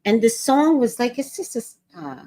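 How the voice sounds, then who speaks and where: A woman hosting a casual livestream, telling an animated story and acting out other people's lines in voices. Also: a little high, moderate pace, no room sound. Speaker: vlog host.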